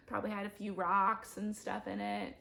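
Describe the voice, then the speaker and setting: A woman reading a children's chapter book aloud, jumping to loud high voices for the characters' shouted lines. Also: gravelly. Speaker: reader.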